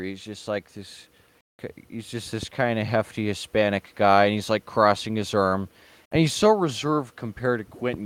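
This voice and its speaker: A man's voice: fairly low pitch, no room sound. A man hosting an online show, giving casual and sarcastic reaction commentary in a mocking tone. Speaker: online video host.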